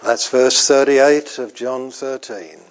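An older man preaching a sermon in a slow, deliberate way, pausing often and repeating phrases for weight. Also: mid-range voice.

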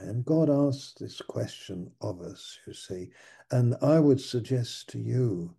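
Slow gravelly preacher, very dark voice. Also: male voice, medium pitch, animated. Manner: halting, repeats words while searching for them. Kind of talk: sermon.

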